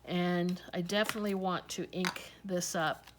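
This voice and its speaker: A woman's voice: lowish voice, fairly even intonation, moderate pace, noisy background. A woman hosting a casual crafting tutorial, chatting and thinking aloud as she talks through each step.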